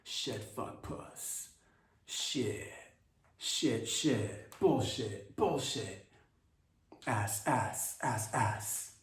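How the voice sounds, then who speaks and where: A man's voice: mid-range voice, drawn-out words, echoey room. Man doing a stiff politician cussing clumsily. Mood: sputtering. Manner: clumsy nonstop swearing, blustering. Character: stiff male politician forcing awkward cusses.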